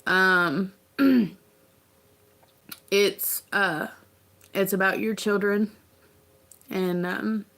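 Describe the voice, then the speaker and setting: Woman, livestream host, earnest, halting, rambling, casual chat. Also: mid-range voice, creaky, a bit bright. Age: adult parent.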